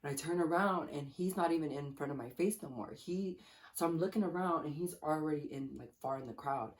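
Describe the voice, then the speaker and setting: A woman's voice: deep voice, fairly quick. A young woman vlogger telling a story casually while eating, swearing a lot and acting out what people said. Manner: profane, animated, acts out quotes.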